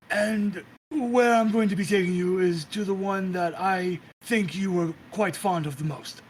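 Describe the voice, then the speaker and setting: A man voicing a tall, clawed, cloaked creature with a calm, condescending manner. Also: sits high, a little hiss or hum, voice pushed up.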